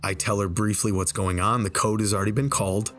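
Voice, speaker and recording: A man telling a personal story in a relaxed, conversational way over gameplay, slowing down for the tense moments. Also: on the low side, faint music behind. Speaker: storyteller and game video creator. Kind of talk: casual spoken storytelling. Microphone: desk microphone.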